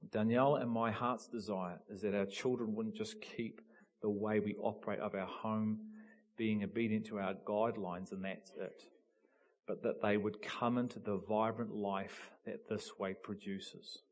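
A man preaching a sermon, telling a story with animated build-ups and emphatic peaks. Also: lowish voice, measured pace. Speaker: pastor.

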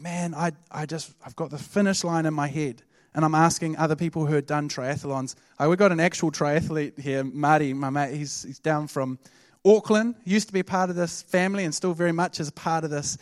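Kiwi pastor guy preaching, chatty storytelling, pretty high voice, dry sound. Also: dry recording. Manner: conversational, animated storytelling. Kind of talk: sermon.

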